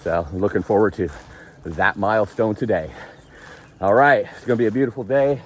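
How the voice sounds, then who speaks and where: A man vlogging casually on a forest trail, chatty and self-amused, quick to laugh. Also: fairly low pitch, slight background noise. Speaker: thru-hiker vlogger. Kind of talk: casual vlog narration while hiking.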